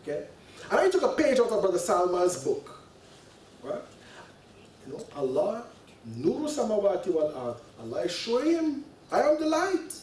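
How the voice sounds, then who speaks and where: A man giving an animated, conversational sermon with stories, often checking in with his listeners. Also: high-pitched, normal speed, long pauses, a little hiss or hum. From Canada. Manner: animated, conversational, peppers talk with "right?" and "you know". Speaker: sheikh giving a religious lecture. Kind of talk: sermon with storytelling. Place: lecture hall. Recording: echoey hall, distant mic.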